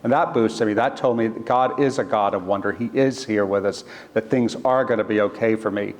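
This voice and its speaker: A man, an author, telling a personal story in an earnest, halting way, restarting phrases and quoting other people. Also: lowish voice. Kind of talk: storytelling talk. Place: church. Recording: long church reverb.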